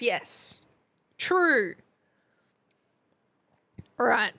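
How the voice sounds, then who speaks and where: A woman's voice: on the high side, expressive, takes it slowly, bright, forceful tone. An Australian woman streamer giving a casual history lesson, chatty and playful and often laughing.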